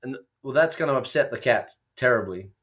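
A man in a loose, jokey conversation, wandering from one silly idea to the next with plenty of "uh"s and restarts. He talks at an ordinary middle pitch, and his voice comes through a remote call line. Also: lively intonation, a little fast, fairly bright tone. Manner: rambling, playful, absurd tangents with frequent fillers. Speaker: co-host. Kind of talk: casual comedic chat.

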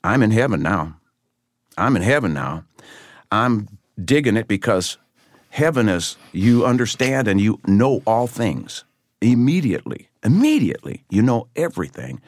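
An older man from Michigan, a guest musician, telling stories in an interview with animated, lively delivery. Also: lowish voice, measured pace, no room sound, studio quality. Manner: animated storyteller, acts out voices in his anecdotes. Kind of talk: interview storytelling.

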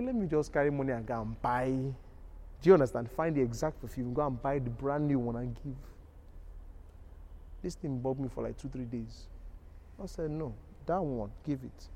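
A man preaching a sermon, often asking "you understand?" and building from quiet storytelling to loud, emphatic peaks. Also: mid-range voice.

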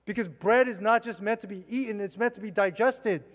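A high-pitched male pastor delivers a fairly quick sermon on a mic in a church sanctuary that sounds like a large hall. He's emphatic and repetitive, and he keeps asking the congregation rhetorical questions.

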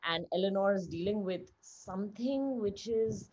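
A woman's voice: mid-range voice, normal speed, darkish tone. A woman in a casual podcast chat, giving blunt, heated opinions full of likes and restarts. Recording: slightly dull lo-fi sound.

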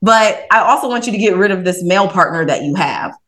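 Lively woman guest on a podcast telling a wild date story, voice jumps all over, acts out both sides of the chat. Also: medium pitch, fast. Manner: animated, retells her own dialogue with lots of "I was like". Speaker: podcast guest, author and reiki practitioner. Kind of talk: casual storytelling.

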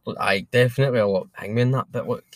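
A man's voice: medium pitch, racing, dry recording. A Scottish man co-hosting a casual football podcast, swearing constantly and ranting in exasperation. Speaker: podcast co-host.

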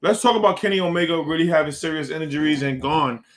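Joking, swearing podcast co-host man. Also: fairly high pitch. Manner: joking, swears freely, quick to tease. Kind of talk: casual chat.

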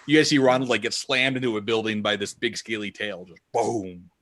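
A man narrating a tabletop game as game master, lively and full of sound effects. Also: fairly low pitch, fairly quick, a little hiss or hum.

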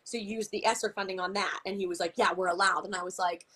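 A woman's voice: medium pitch, fairly even intonation, fast, fairly bright tone, breathy edge. A woman guest in a casual interview, talking chattily with lots of "like" and acting out conversations she retells. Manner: chatty, peppered with "like", acts out quoted exchanges. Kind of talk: casual chat.

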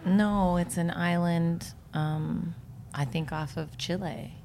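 A woman co-hosting a podcast in casual chat, talking in a halting, giggly way. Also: on the low side, steady tone, creaky, darkish tone, slight background noise. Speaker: podcast co-host.

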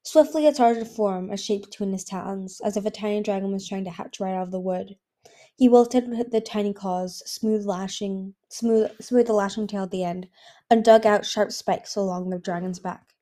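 A woman reading a fantasy novel aloud as an audiobook, with an even narration that sometimes stumbles and restarts. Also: mid-range voice, moderate pace. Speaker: audiobook reader. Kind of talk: storybook narration.

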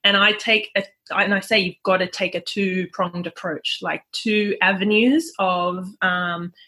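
A woman talks as a parenting coach in a casual interview. Her pitch sits in an ordinary middle range, and she speaks in a loose, chatty way. She laughs easily between points. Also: fairly even intonation, unhurried, sharp tone. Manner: chatty, laughs often, acts out parents' voices. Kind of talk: conversational interview.

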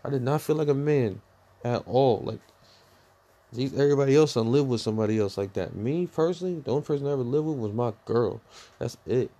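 A young man telling a personal story in a rambling, profane, animated way, full of fillers. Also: mid-range voice, a little fast. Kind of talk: casual storytime rant.

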